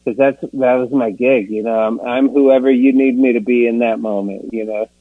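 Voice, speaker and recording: This man's recovery testimony comes in a mid-range voice at normal speed with fairly even intonation. Self-deprecating and rambling, he laughs at himself a lot and leans on "you know" to fill pauses while sharing at the meeting. The sound is dry and tinny, like a phone, with no room sound.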